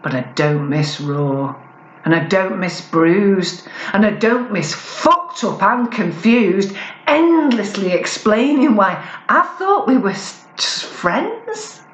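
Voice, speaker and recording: A woman performing spoken-word poetry in a slow, deliberate, expressive way at a live gig. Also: medium pitch, roomy sound, a little hiss or hum, poor audio. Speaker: performance poet.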